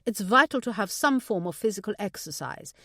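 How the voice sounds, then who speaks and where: A woman's voice: mid-range voice, animated, fairly quick, pushed and bright, no room sound, clean studio sound, voice pushed up. A woman voicing a stout, no-nonsense German nurse in her sixties, explaining firmly. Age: 60s. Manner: no-nonsense, firm.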